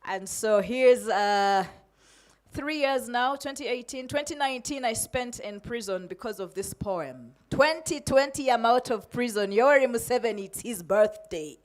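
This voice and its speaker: A woman's voice: a little high, expressive, moderate pace. Defiant, emotional Ugandan woman poet. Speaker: poet and guest speaker. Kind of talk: emotional poetry reading.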